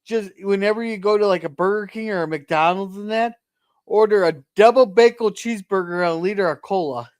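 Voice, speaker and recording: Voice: medium pitch, a little fast, dry recording. A co-host of a casual live-stream chat who jokes crudely, swears freely and reads viewer comments aloud.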